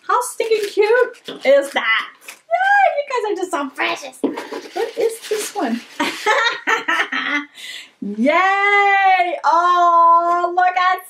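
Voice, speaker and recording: A woman's voice: very high-pitched, a little hiss or hum. A woman, gushing and exclaiming over fan mail in a casual vlog. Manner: gushing, excitable, gasps and squeals. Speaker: vlogger opening fan mail. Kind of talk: casual chat.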